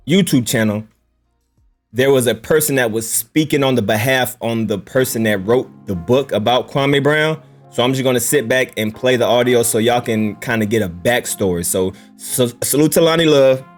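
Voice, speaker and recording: A man's voice: mid-range voice, normal speed, faint music behind. A man hosting a casual commentary video, talking in loose, joking slang. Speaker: YouTube commentary host.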